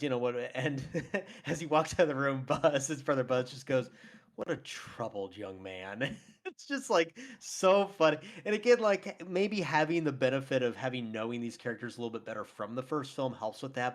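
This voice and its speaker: Enthusiastic laughing man debating films. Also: medium pitch. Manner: enthusiastic, laughs often, many fillers. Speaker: podcast co-host. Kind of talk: casual film debate chat.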